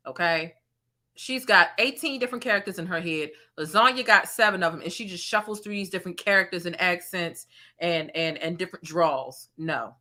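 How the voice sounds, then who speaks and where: A woman hosting a commentary livestream. Her voice is bright and sharp, and she sits slightly low in pitch. She thanks viewers for super chats and mocks the people she covers. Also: fairly quick. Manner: sarcastic, mocking asides. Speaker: commentary channel host.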